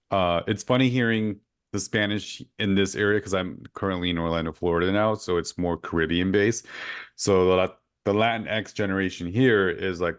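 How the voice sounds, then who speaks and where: A man's voice: sits low, clean tone. A male podcast host talking in a casual, effusive interview chat, full of fillers. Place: current home in Orlando.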